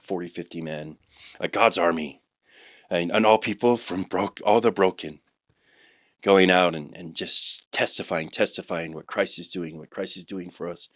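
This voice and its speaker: A man in his forties telling his life testimony on a podcast, rambling with many restarts and turning animated when he quotes others. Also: low-pitched, no room sound, studio quality. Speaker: guest sharing a testimony.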